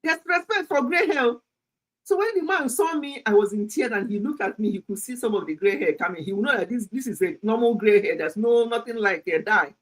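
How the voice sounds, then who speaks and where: A Nigerian woman in her sixties with a Nigerian English accent, hosting a health livestream and telling a story in an animated, chatty way, laughing often and slipping into pidgin. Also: medium pitch, brisk, hardly any pauses, low-quality recording. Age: 60s. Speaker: health channel host. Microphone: streaming setup.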